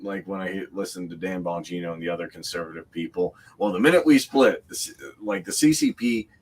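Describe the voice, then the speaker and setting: Low-voiced man in rambling chat. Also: very animated, fast, gravelly. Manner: rambling, quotes others in mock voices. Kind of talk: casual political chat.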